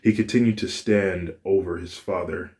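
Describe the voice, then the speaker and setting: A man's voice: deep voice, steady tone, moderate pace, darkish tone. A man narrating a fan fiction story in a plain, unpolished reading with frequent restarts.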